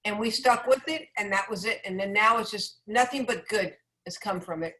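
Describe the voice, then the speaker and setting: A woman's voice: medium pitch, normal speed, pushed and bright, rough recording. A woman chatting casually about her own experience, emphatic and laughing often. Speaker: product user sharing her experience. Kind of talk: casual testimonial chat.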